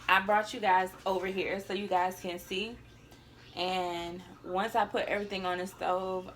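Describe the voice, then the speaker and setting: A woman's voice: on the low side, fairly bright tone, slight background noise. A young woman chatting to viewers in a casual home cooking vlog, sighing now and then and fighting back tears, recorded on a camera on a tripod in her kitchen. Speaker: vlogger.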